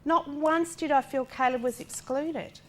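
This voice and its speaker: Speaking a little slowly in a high voice, a middle-aged woman lectures from personal experience as the parent of a child with a disability. She is direct, uses rhetorical questions, and animatedly acts out what others said.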